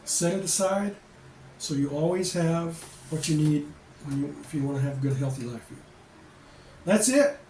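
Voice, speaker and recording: A man's voice: a little high, fairly even intonation, normal speed, warm tone, recorded from a distance, a little hiss or hum. A man in his sixties from the United States giving casual, rambling advice to camera as an expat vlogger, plain-spoken and repeating himself. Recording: echoey room, voice away from the mic.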